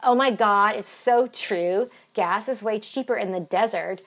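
A woman's voice: mid-range voice, unhurried, a bit bright. A woman voicing a bubbly, dramatic Los Angeles valley girl who gushes and says oh my God and dude. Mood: gushing.

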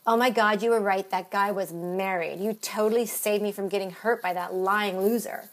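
A woman's voice: medium pitch, steady tone, normal speed, close to an everyday voice. A woman voicing a bubbly, dramatic Los Angeles valley girl who gushes and says oh my God and dude. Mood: gushing.

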